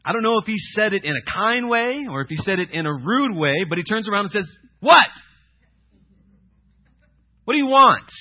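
Husky, animated preacher man. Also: sits high, fast talker, few pauses, dull audio. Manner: dramatic preaching, swings between loud emphatic questions and hushed reading. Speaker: pastor. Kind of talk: sermon.

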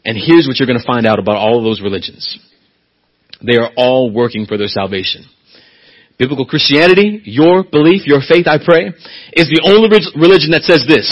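A pastor preaching a sermon, swinging from quiet, low asides to loud, emphatic, high-pitched appeals. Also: male voice, expressive, a little fast, husky, low-quality recording.

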